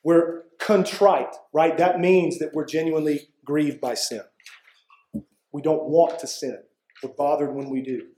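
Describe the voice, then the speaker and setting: A man's voice: a little high, steady tone, a little slow, mellow, reverberant, slight background noise, poor audio. A man preaching a sermon as pastor, earnest and conversational, often checking in with the congregation. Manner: earnest, conversational preaching with frequent "right?" asides.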